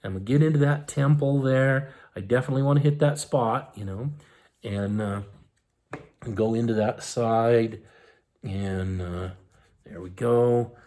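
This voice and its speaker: A man's voice: mid-range voice, measured pace, dark tone. Casual man teaching a hands-on lesson. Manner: casual, folksy, with many fillers and "okay?" check-ins. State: eyes tearing up from ointment vapors. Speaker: herbal health teacher.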